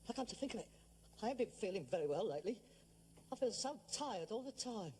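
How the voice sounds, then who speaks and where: A melodramatic hypochondriac son. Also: male voice, sits high, lively intonation, fast, a little mellow, slight background noise. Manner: exasperated, theatrical, self-dramatising. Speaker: grown son in a sitcom. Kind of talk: 1960s television sitcom acting.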